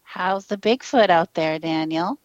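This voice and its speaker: A woman's voice: on the low side, a little slow, no echo, lo-fi sound. Bubbly woman radio talk show host. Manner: bubbly, laughs often.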